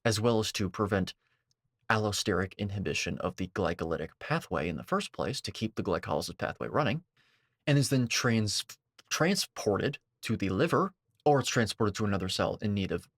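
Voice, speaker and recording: A man commenting on a video, lecturing and sarcastic, with sudden high-pitched outbursts. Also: animated, moderate pace, a bit bright, no echo, clean studio sound.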